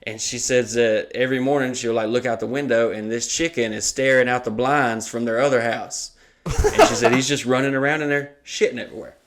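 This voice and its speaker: Telling a funny tale on a comedy podcast, a male co-host swears heavily and animatedly voices the people he quotes. He talks briskly in a mid-range voice.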